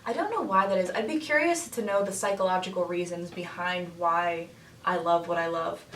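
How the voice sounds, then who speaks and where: A woman's voice: lowish voice, moderate pace, fairly bright tone, far from the mic. A young woman vlogger chatting casually to the camera, laughing often. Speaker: makeup artist vlogger. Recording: echoey room, mic set back, faint hiss.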